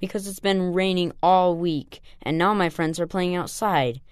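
A man's voice: high voice, normal speed, clean tone, no room sound, voice pushed up, lightly acted. A whiny, pleading little boy with a lighter, raised voice, as a man puts him on. It is a storybook reading, set down on a dry, close recording. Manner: pleading, sulky. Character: reluctant young boy, a bit whiny.

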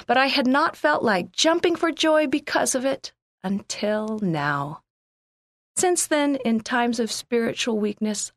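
A woman reading a first-person church magazine article aloud in a measured, earnest way. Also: medium pitch, no echo. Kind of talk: scripted first-person narration.

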